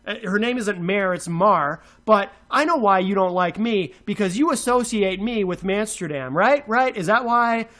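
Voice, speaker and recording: A man's voice: sits high, normal speed, few pauses, a bit bright. A man co-hosting a radio show, ranting furiously with sarcastic, insulting outbursts. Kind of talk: angry on-air rant.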